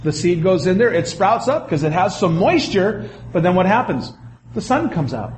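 A man preaching a sermon, animated, with quick asides and acted-out quotes. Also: high-pitched, a little hiss or hum. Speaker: pastor.

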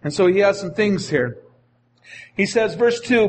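A man's voice: high-pitched, animated, a little slow, pauses often, a little hiss or hum. A male pastor preaching a sermon in an earnest manner, often repeating his phrases.

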